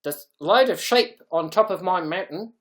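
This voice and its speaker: A man voicing a boastful male New Zealand sheep farmer in a loud, blustering mock accent. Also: sits high, animated, moderate pace, voice pushed up.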